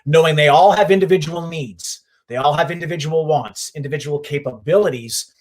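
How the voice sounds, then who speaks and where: A man's voice: on the high side, brisk. A man hosting a podcast who asks long, rambling questions full of restarts and reacts with enthusiasm. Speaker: podcast host. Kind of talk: casual interview hosting.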